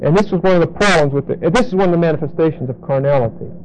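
Man teaching scripture, slow emphatic repeats. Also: fairly high pitch, a little mellow, slight background noise, rough recording. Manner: explanatory, repeats key words slowly for emphasis. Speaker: Bible teacher. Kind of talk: verse-by-verse Bible teaching.

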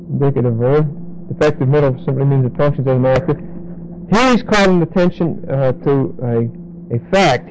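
A man teaching a Bible study to a congregation, explaining word meanings and repeating key words slowly for emphasis. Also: mid-range voice, darkish tone, a little hiss or hum, poor audio.

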